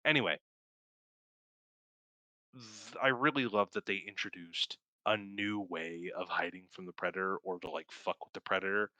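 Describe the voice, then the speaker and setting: Young male co-host, low pitch and bright, forceful tone, rambling and profane, laughs often. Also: normal speed, no echo. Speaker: podcast co-host. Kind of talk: casual film review chat.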